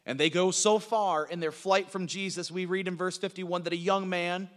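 A man preaching a sermon as a pastor, swinging from emphatic lines to low, hushed ones. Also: steady tone, normal speed, in a large hall.

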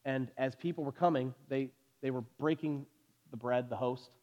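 A pastor in his forties preaching a sermon in a church, telling stories with animated energy and then dropping to soft, intense delivery. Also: medium pitch, normal speed, dull audio. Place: church sanctuary.

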